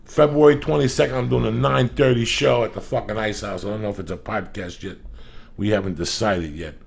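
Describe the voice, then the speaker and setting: Man, gravelly voice, podcast host, loud profane comic rant. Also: on the low side, steady tone, a little fast.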